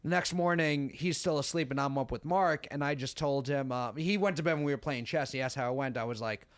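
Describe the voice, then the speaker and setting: A man's voice: mid-range voice, fairly quick, few pauses, dry recording. A man from Queens, a guest comedian on a podcast, telling stories in casual chat and laughing through his punchlines. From Queens, New York.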